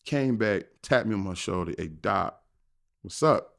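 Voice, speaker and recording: With a gravelly, fairly low voice at a measured pace, a middle-aged man tells a story on a podcast. He's a finance professor and guest, full of energy, acting out the people in it and laughing often.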